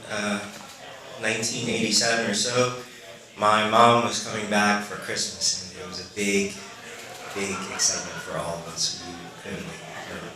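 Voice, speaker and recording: A man in his late thirties from the Philippines, telling a personal story live on stage, halting and full of "you know" fillers. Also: fairly low pitch, sharp tone. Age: late 30s. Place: stage before a live audience. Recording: very echoey room with audience.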